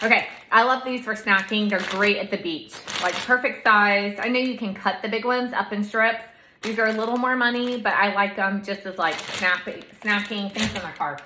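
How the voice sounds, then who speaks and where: Chatty woman, bright echoey kitchen. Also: mid-range voice, moderate pace, a little hiss or hum. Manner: chatty, conversational, lots of asides. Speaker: lifestyle vlogger. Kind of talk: casual haul video.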